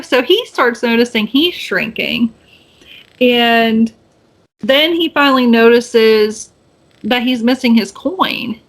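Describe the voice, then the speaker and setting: Recapping a film on a podcast she co-hosts, this woman rambles casually in a somewhat bright, slightly high voice. Fillers and restarts keep stacking up, and she raises her pitch to perform the characters' quotes.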